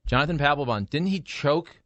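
A man's voice: fairly high pitch, expressive, brisk, fairly bright tone, no room sound. A man co-hosting a sports talk radio show in a studio, giving emphatic opinions in casual banter. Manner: opinionated, emphatic hot takes. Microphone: studio microphone.

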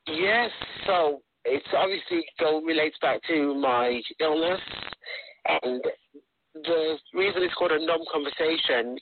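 A man's voice: fairly high pitch, measured pace, noisy background. A man with a Birmingham accent, a guest on a radio show, earnestly telling his story. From England. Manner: earnest, tells stories in quoted dialogue. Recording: tinny phone line.

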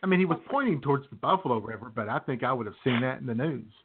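A male host spins a story in easy, casual chat and laughs at his own tale. His voice sits in a middle pitch. The audio is narrow and phone-like. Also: animated, racing, a little hiss or hum. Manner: laughing through his anecdote, with restarts. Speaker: show host.

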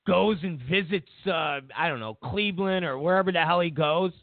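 A high-voiced man hosts a political talk show at normal speed, ranting and mocking as he acts out quotes in opinionated commentary. There's no echo, though the audio is tinny and narrowband.

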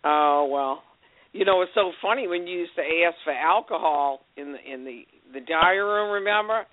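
A woman's voice: normal speed, no echo. A woman calling in to a friend's radio show, talking in a chatty, affectionate way. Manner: chatty, affectionate, swoops up and down in pitch. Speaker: caller, friend of the host. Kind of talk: casual phone chat. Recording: tinny phone line.

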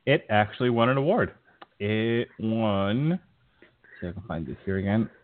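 Middle-aged man, podcast host, low voice, rambling chat, tinny phone-quality line. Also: animated, moderate pace. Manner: stumbling, rambling storyteller with many restarts. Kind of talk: casual chat.

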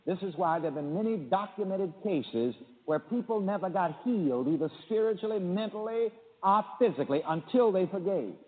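A man's voice: sits high, lively intonation, moderate pace. A male pastor preaching on a call-in radio show with emphatic delivery, leading the listeners in repeated affirmations. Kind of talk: radio sermon. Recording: tinny phone line with hall echo.

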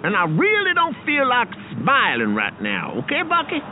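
A man's voice: very high voice, huge pitch swings, normal speed, a little hiss or hum, heavily acted. A man voicing a grumpy, impatient garage boss who rarely smiles, on a tinny lo-fi recording. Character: grumpy middle-aged male garage boss.

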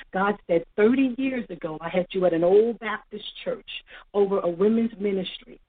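Husky woman testifying over a phone line. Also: medium pitch, dry recording. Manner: preacherly, repeats phrases for emphasis. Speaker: author guest. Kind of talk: emotional personal testimony. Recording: tinny phone-line sound.

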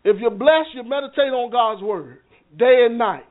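A man's voice: extremely high pitch, moderate pace. A man leading a church teaching session in a conversational way, often checking in with his listeners and repeating words as he goes. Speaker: minister teaching a Bible class. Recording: phone-like narrow sound.

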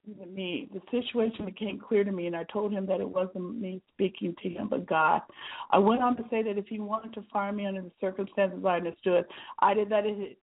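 A woman author reading aloud from her own memoir in an earnest, measured storytelling manner, with a husky voice. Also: mid-range voice. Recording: tinny phone-like sound.

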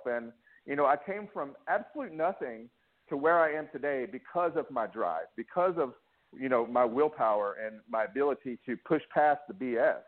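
A man speaks over a tinny, phone-like line, his voice sitting a little high for a man. His pitch swings widely as he tells a candid personal story. He stops and restarts often, and he acts out the lines of the people in it. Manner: emotional, restless, many restarts and acted-out quotes. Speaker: interview guest.

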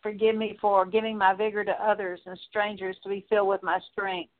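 A woman leading a spoken prayer of repentance, earnest and steady, working through a long list with frequent small fillers. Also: mid-range voice, fairly quick. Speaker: prayer minister. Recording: tinny phone-like line.

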